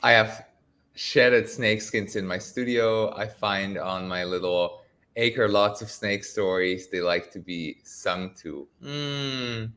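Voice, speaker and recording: A man co-hosting a casual livestream chat over a video call, gentle and conversational. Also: fairly low pitch, takes it slowly.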